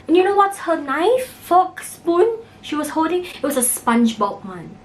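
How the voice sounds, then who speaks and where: A woman vlogger casually recapping a movie, animated and acting out the characters' lines as she tells it. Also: very high voice, moderate pace, distant mic, a little hiss or hum, low-quality recording. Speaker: mukbang vlogger.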